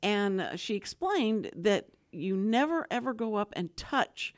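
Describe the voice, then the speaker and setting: A woman hosting a talk radio show, telling stories in a chatty, animated way. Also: mid-range voice, measured pace, dry recording, clean studio sound. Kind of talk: casual radio chat.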